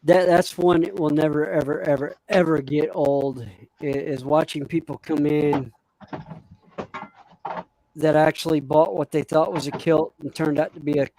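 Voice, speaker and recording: A man's voice: on the high side, moderate pace, a little hiss or hum, rough recording. A man telling stories in a casual chat and acting out the quotes as he goes. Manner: animated, acts out quotes in his stories.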